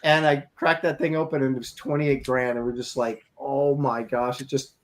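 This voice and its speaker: A man's voice: medium pitch, steady tone, fairly quick. A middle-aged man, a comic artist co-hosting a podcast, telling stories in a rambling, casual way with many fillers and restarts. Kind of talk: casual storytelling chat.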